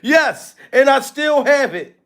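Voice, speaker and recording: A man's voice: extremely high pitch, animated, slow pace, fairly bright tone. A man hosting a gossip commentary vlog, dramatic and talking straight to his viewers. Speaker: commentary channel host.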